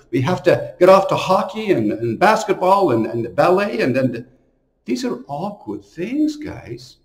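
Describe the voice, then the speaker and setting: Emphatic priest in an echoey room. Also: male voice, high voice. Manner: storytelling, emphatic, with sudden loud bursts. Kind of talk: homily to camera.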